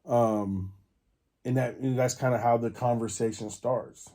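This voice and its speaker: Mellow-voiced man telling a rambling story. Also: medium pitch, steady tone, measured pace. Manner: rambling, many fillers and restarts. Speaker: podcast host. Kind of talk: casual storytelling.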